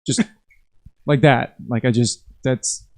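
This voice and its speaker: A man from New Jersey joining a casual podcast chat, chiming in with short relaxed remarks. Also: medium pitch, slow pace. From New Jersey, USA.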